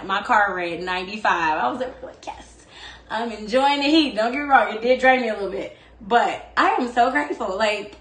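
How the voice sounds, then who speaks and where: In a home kitchen, a female cooking-show host keeps up a casual, expressive chat as she prepares food. Her voice sits on the high side and the sound is roomy, and "like" is clearly one of her favorite words.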